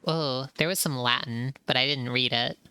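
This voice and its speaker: Woman streamer chatting over a game, low voice, bright tone, easily delighted. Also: steady tone, normal speed, smooth. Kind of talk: casual gameplay commentary.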